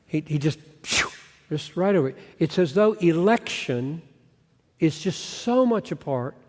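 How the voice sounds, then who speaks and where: A man's voice: a little high, a little mellow. A man giving an earnest Bible teaching lecture, asking rhetorical questions and restarting phrases as he thinks aloud. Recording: long hall reverb.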